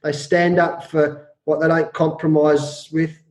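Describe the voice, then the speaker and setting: Animated middle-aged Australian man, echoey room. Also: a little high. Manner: acts out quoted shouting, rapid repetitions. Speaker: cricket coach and author. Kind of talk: animated storytelling in an interview.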